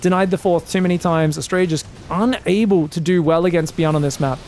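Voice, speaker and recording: Excitable high-voiced male game caster. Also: fairly quick, slight background noise. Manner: excitable, joking, yells at big plays. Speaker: esports caster. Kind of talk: live game commentary.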